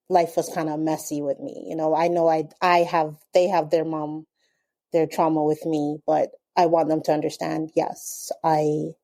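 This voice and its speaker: Low, mellow middle-aged mother. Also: creaky. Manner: reflective, halting, earnest. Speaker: podcast guest. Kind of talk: casual chat.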